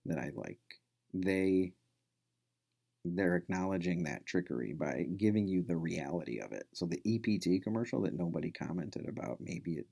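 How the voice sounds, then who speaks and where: A man's voice: low-pitched, vocal fry, darkish tone, slightly rough. A male instructor giving a casual recorded lecture, rambling with many fillers and restarts.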